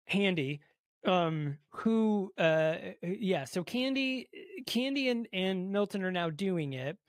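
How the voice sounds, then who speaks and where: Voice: mid-range voice, takes it slowly, dry recording, studio quality. A podcast co-host in casual chat, eagerly retelling movie scenes, swearing and acting out the characters' lines. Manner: animated retelling of scenes, swears, acts out quotes.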